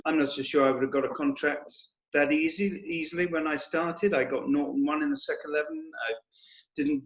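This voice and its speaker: Man, higher voice, anecdotal panel chat, echoey room. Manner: anecdotal, quotes others in lively voices. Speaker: former cricketer, guest. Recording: roomy echo.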